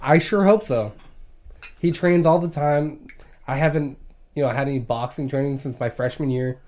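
A man's voice: medium pitch, normal speed, a little mellow. A young man telling crude stories in casual chat, swearing and laughing as he talks. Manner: profane, laughing storyteller.

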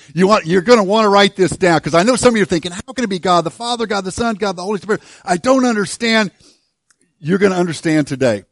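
A middle-aged man delivering a sermon from the pulpit, chatty and self-deprecating, stumbling and restarting as he works through his point. His voice sits a touch higher than most men's, and the sound is dry and close with little room echo. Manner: conversational and self-deprecating, with frequent restarts and humor. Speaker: pastor.

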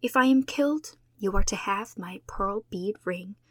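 A woman's voice: medium pitch, measured pace, a bit bright, no echo. Proud dramatic schoolgirl making big solemn speeches, woman reading her, dry sound. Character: proud imaginative red-haired schoolgirl.

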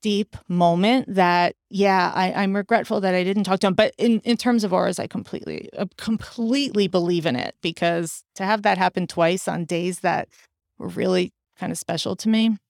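A middle-aged woman hosting a podcast, telling personal stories in casual chat with animated delivery. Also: fairly low pitch, normal speed, gravelly, no room sound, studio quality. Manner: animated, acts out quoted dialogue. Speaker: podcast host.

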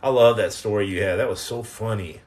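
A man hosting a casual live podcast, joking and teasing viewers in slangy talk that drops into low mutters. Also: a little fast, a little mellow. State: on house arrest. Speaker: podcast host reading live chat. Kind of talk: casual live-stream chat.

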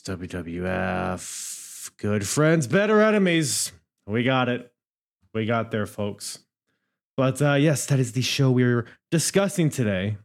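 A man hosting a wrestling podcast in a casual, rambling, jokey way, with loud bursts and sudden quiet drops. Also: mid-range voice, lively intonation, a little slow. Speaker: podcast host.

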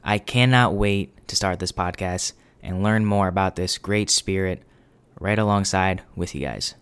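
A man in his twenties from New England hosts a podcast intro, upbeat and self-deprecating. His voice sits a little low and sounds smooth and clear. He talks in a loose, chatty way. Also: unhurried, fairly bright tone. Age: 20s. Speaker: podcast host.

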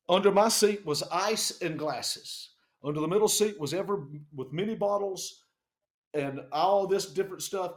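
A man in a band telling a tour story in a casual, animated, profane way, acting out the people he quotes. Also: on the high side, roomy sound.

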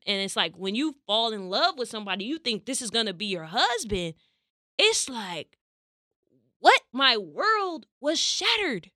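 In studio-quality audio with no room sound, a young adult woman from California speaks in a medium-pitched voice. As a podcast host, she tells a personal story in casual chat and animatedly acts out the quoted dialogue.

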